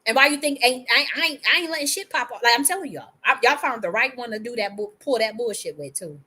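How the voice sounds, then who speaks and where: A woman's voice: a little high, lively intonation, bright, forceful tone, breathy edge. Angry woman ranting with a cold. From United States. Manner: angry, profane, rapid-fire ranting with restarts. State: has a cold. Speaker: livestream host. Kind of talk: heated monologue on a livestream.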